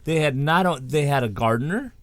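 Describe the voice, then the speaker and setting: A man's voice: a little high, animated, fairly quick, a crowd in the background. A man co-hosting a show, telling a spooky story in a casual, rambling way with many restarts and asides. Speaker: co-host.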